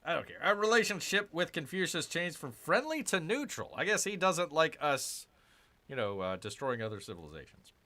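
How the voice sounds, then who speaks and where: A man's voice: fairly high pitch, very animated, moderate pace, bright, forceful tone. Exasperated man grumbling through gameplay. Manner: exasperated, grumbling, sarcastic asides to viewers. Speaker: gaming channel host. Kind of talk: casual gameplay commentary.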